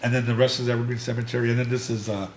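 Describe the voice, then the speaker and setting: A man's voice: medium pitch, little pitch movement, rapid-fire. A man who created the comic, chatting casually and rambling as he comments on the film. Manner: laid-back, rambling, trailing off. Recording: faint background noise.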